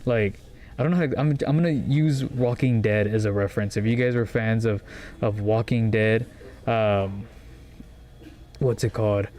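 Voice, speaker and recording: A man's voice: fairly low pitch, moderate pace, a little mellow. Rambling enthusiastic man, comic shop host. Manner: rambling, enthusiastic, filler-heavy. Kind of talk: casual product rundown. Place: comic book store.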